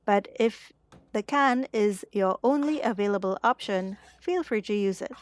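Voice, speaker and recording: A woman, the host of a cooking channel, giving calm step-by-step narration over a recipe. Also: mid-range voice, moderate pace.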